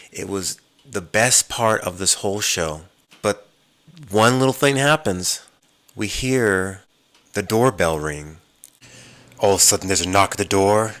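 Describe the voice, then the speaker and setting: A man hosting a podcast, casually recapping TV episodes as an animated storyteller who mimics the characters' lines. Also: deep voice. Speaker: podcast host.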